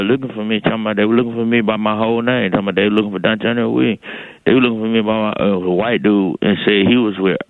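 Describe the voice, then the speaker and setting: A man's voice: fairly low pitch, dry recording, lightly acted. A man voicing a hapless, rambling caller who stammers and repeats himself, panicking about going to jail. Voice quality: whiny, drawling, rambling. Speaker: regular caller character. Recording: dry tinny phone line.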